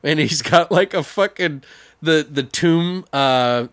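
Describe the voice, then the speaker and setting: A young man chatting casually about a movie, acting out scenes in squeaky voices and swearing a lot. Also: slow pace, smooth, dry recording. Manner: animated storyteller, acts out characters in high voices, swears a lot. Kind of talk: casual chat reviewing a movie.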